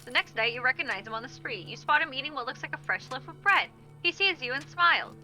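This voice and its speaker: A woman's voice: high voice, expressive, fast, sharp tone, faint music behind, low-quality recording. A woman reading game prompts in casual tabletop chat, blunt and joking.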